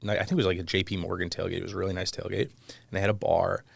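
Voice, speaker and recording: A man in his thirties tells stories as a guest in a casual conversation. His voice sits a little low, and it is recorded close and dry with no room sound. He is self-deprecating and animated, and now and then he trails off while he searches for a word. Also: racing, gravelly, no room sound. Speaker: podcast guest, mortgage company executive. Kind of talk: casual interview chat.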